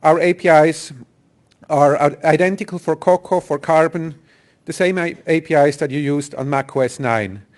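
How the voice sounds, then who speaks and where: A man's voice: fairly high pitch, normal speed. A man giving a technical conference talk, explaining step by step with some fillers and restarts. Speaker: software engineer presenter.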